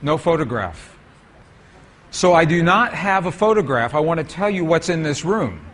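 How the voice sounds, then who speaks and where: A man's voice: a little high, animated, fairly quick, fairly bright tone. A man giving a storytelling lecture with slides to an audience, asking them questions as he goes.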